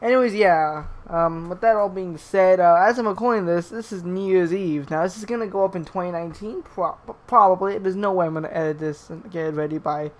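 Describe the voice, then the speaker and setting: A man's voice: high-pitched, a little fast, hardly any pauses. A young man commenting on clips, swearing constantly and stumbling over his words as he restarts them. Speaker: YouTube commentator. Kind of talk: profane rant commentary.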